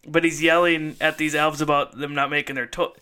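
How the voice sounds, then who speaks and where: A man's voice: fairly high pitch, flat delivery, fairly quick, pushed and bright, clear, resonant tone. A man hosting a podcast in casual chat, laughing often as he retells a comedy sketch. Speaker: podcast host.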